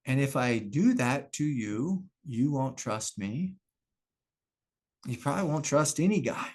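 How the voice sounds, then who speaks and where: A man's voice: medium pitch, lively intonation, a little slow, darkish tone. Brief: middle-aged man, spiritual teacher on a video call, candid and self-reflective, laughs easily. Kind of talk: satsang talk.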